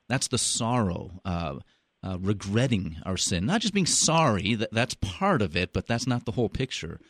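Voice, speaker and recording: Low-voiced pastor guy explaining stuff, bit wry, dry mic. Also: sing-song, moderate pace, no echo. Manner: explanatory, wry, warm teacher. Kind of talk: explaining on a radio talk show.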